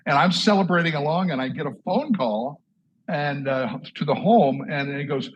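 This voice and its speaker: A man's voice: on the high side, normal speed, highs cut off, slight background noise. A man in his sixties from Southwest Iowa, hosting a casual chat and telling stories with frequent word repeats and restarts. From Southwest Iowa, USA. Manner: repeats words and restarts often, lively storyteller. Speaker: host, drummer.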